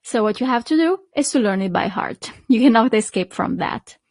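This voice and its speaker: A woman teaching an online language lesson, talking slowly and drawing out model words for her students to repeat. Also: fairly high pitch, expressive, a little mellow, no room sound. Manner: slow, drawn-out model pronunciations for repeating. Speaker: Italian teacher.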